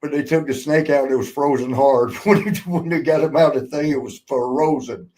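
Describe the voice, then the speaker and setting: A man's voice: medium pitch, a little fast. A man, hosting a podcast and telling wrestling road stories in casual chat, laughing often and swearing freely. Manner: laughing often, swearing, lively retelling with voiced quotes. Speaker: podcast host, former wrestler.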